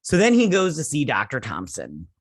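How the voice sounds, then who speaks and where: A man's voice: medium pitch, huge pitch swings, normal speed, husky, no room sound. Male show host, casual review, loose rambling delivery, swears freely, medium voice, dry room. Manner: rambling retelling, many fillers like "like" and "he's all like".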